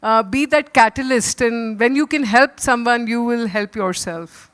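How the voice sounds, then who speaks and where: A woman on a panel giving earnest, measured advice with frequent pauses. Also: fairly high pitch, a bit bright. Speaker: panel guest, company leader. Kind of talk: panel talk.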